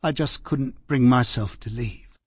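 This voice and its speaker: A man reading the part of a tired, hurt middle-aged female housekeeper in an audiobook, speaking quietly and haltingly. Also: medium pitch, slightly rough, no echo, clean studio sound. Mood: weary. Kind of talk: audiobook character voice.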